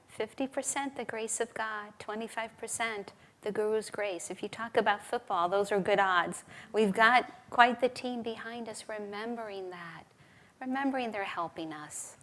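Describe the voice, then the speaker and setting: A woman giving a relaxed, conversational sermon at a spiritual service, telling stories and laughing now and then. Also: medium pitch. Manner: conversational, with laughs and acted quotes. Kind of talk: sermon with storytelling.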